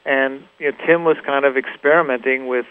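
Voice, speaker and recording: Middle-aged man, guitarist guest, mid-pitched voice, loose, rambling storyteller. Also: a little fast, phone-quality sound. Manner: relaxed, rambling anecdotes with many fillers and restarts. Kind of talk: casual interview storytelling.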